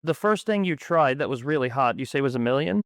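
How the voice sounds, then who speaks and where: A man hosting a podcast interview, asking measured, prepared questions. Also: medium pitch, animated, dry recording, clean studio sound. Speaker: podcast host.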